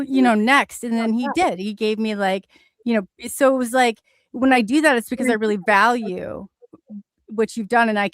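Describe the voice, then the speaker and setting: A woman's voice: fairly high pitch, no room sound. A woman hosting a casual talk show, enthusiastic and full of likes and you-knows. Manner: enthusiastic, filler-heavy. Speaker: host. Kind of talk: casual chat.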